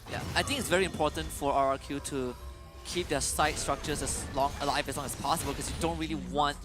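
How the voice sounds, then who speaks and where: A man casting a mobile esports match live, giving measured, analytical play-by-play. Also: on the high side, steady tone, music in the background. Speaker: esports caster.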